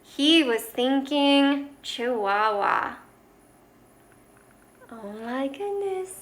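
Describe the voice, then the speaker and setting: A woman teacher reading a picture book aloud at storytime, expressive and talking to the listening children. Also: high-pitched, drawn-out words, slight background noise.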